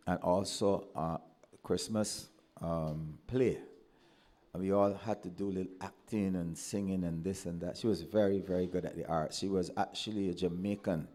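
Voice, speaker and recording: A man with a Barbadian accent, a former pupil giving a speech at a ceremony, telling animated anecdotes and acting out the voices he quotes. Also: low-pitched. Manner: animated storyteller who acts out quoted voices.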